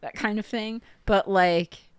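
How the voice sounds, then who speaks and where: A woman co-hosting a podcast, chatting in relaxed asides. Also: medium pitch, slow, clean tone, no echo. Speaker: podcast co-host. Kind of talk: casual chat.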